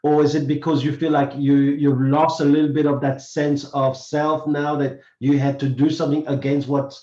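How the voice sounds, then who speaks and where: A man's voice: on the high side, flat delivery, warm tone. Man asking probing questions in an echoey room. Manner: probing, quick follow-up questions. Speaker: podcast co-host. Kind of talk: casual chat. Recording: echoey, dull-sounding room mic.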